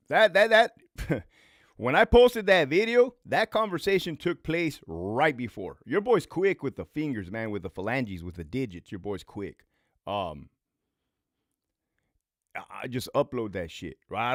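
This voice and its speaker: A man in his forties talks on a casual livestream, blunt and profane, and hammers his points home by repeating them. His pitch swings a lot as he tells his stories. The sound is close and dry. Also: dry recording. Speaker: former prison lieutenant turned online host.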